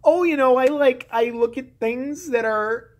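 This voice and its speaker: A man putting on a mocking falsetto of a dim-witted, folksy southern woman politician, halting and high. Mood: mock ditzy.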